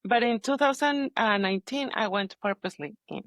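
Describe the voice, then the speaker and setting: A woman guest on a podcast, a holistic healer, telling her story in candid conversation, halting and searching for words but earnest. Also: on the high side, no echo.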